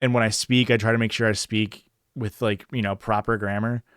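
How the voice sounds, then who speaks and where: A man's voice: lowish voice, level tone, brisk, a bit bright, smooth, dry recording, studio quality. A young man from northern Illinois with a Chicago-area Midwestern accent, chatting casually on a livestream, rambling with lots of fillers and swearing. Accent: Chicago-area Midwestern American. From northern Illinois, USA. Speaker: streamer. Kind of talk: casual chat answering chat. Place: home streaming setup.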